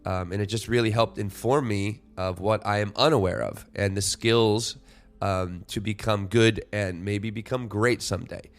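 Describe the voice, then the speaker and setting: A man's voice: on the low side, fairly even intonation, normal speed. A man in his forties hosting a solo podcast, talking in a rambling, reflective way and often correcting himself. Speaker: podcast host.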